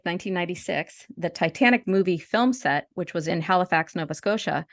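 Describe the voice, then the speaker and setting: Podcast lady, kinda low voice, super dry close sound, chatty and reads stuff out with little restarts. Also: no room sound. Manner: chatty, with frequent restarts while reading. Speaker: podcast co-host. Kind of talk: casual chat and reading a story aloud.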